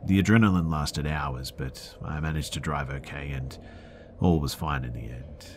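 A man's voice: extremely low pitch, moderate pace, noisy background. A man hosting a podcast, reading listener horror stories aloud in a dramatic scripted narration that sometimes drops to a whisper.

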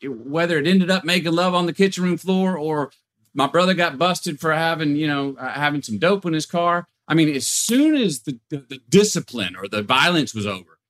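A man's voice: a little high, normal speed. Man telling stories with lots of restarts. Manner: animated storytelling, many restarts. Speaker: podcast guest. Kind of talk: casual podcast conversation.

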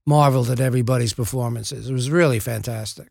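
Gravelly older man telling stories. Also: medium pitch, steady tone, fast talker, a little mellow, dry recording, clean studio sound. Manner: anecdotal, reflective storyteller. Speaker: guest actor. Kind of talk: casual interview chat.

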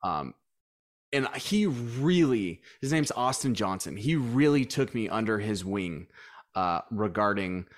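A man's voice: fairly low pitch, measured pace. A man guest in a casual interview, telling stories and acting out the lines of the people in them. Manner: animated storyteller, acts out quoted dialogue. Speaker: gym owner guest.

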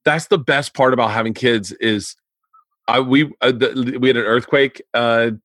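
Male podcast host in his forties, mid-pitched voice, dry close sound, laughs a lot, casual storytelling. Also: steady tone, normal speed, fairly bright tone, dry recording.

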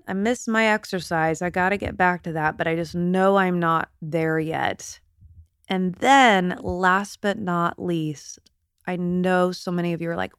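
Low-voiced woman hosting a podcast. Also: clean tone, no echo, clean studio sound. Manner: emotional, chatty and confiding. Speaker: podcast host. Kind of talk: casual solo podcast talk. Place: in bed at home.

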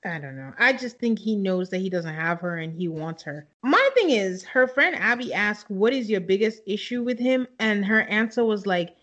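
A woman's voice: mid-range voice, expressive, normal speed, few pauses, a bit bright, lo-fi sound. Blunt, exasperated woman podcast co-host. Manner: blunt, exasperated opinions, laughs along. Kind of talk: casual chat.

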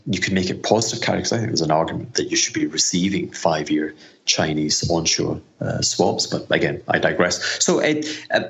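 A middle-aged Scottish man with a very low voice. He talks as an interview guest, rambling and self-deprecating, and often restarts his sentences. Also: vocal fry, a bit bright, highs cut off. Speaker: hedge fund manager, guest. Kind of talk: conversational interview answers.

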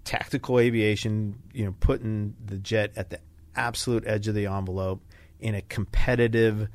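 An older man with a lowish voice, talking at normal speed with no echo, tells stories as a podcast guest. A retired Navy fighter pilot, he keeps the interview casual and brings the people he quotes to life by acting them out.

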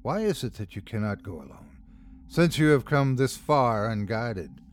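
A man's voice: mid-range voice, sing-song, normal speed, a little hiss or hum, close to an everyday voice. A man voicing an old, gray-haired male craftsman captured by a cult, who answers firmly and defiantly. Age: older. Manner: pleading then firm.

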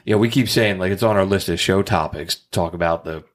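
Podcast host, male, low-ish voice, relaxed and chatty, calls everyone dude. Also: fairly quick. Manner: laid-back, peppered with "dude" and "man". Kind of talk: casual chat.

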